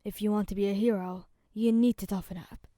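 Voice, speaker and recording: A woman voicing a hot-headed young male hero trainee in a fan audio story, snapping harshly and louder than her narration. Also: medium pitch, fairly even intonation, a little fast, no echo, studio quality, natural voice. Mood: angry yelling.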